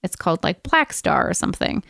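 A woman's voice: lowish voice, big pitch swings, fairly quick, creaky, a bit bright, no room sound, clean studio sound. A woman co-hosting a podcast, telling a rambling story in casual chat and laughing often along the way. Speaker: podcast co-host.

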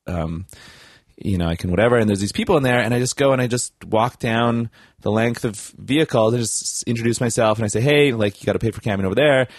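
A man's voice: medium pitch, fast, no echo, clean studio sound. A young man telling a long casual story, rambling with restarts and acting out the people he quotes.

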